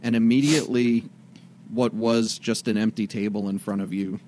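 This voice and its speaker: A man narrating a tabletop game as game master, describing scenes with frequent hesitant pauses. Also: lowish voice, steady tone, a little mellow, slight background noise.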